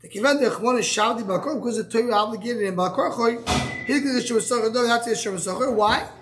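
Halting man teaching a Talmud class. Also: extremely high pitch, noisy background. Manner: explains step by step, asks and answers himself; halting, restarts words. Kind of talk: live Gemara class.

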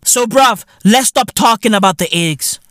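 A man's voice: high voice, expressive, measured pace, no echo. South African man, podcast host, profane comic rant, swings wildly up and down, dry close mic. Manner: loud, incredulous, repeats himself, swears constantly.

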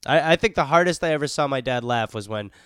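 Man, podcast co-host, wry deadpan banter, casual chat, dry close mic. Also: mid-range voice, fast talker, clean tone, dry recording.

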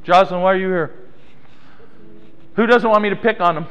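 A man's voice: sits high, a little fast, fairly bright tone, clean tone, muffled recording. A man preaching a sermon as pastor of a small church, playful and teasing members of the congregation by name. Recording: long hall reverb.

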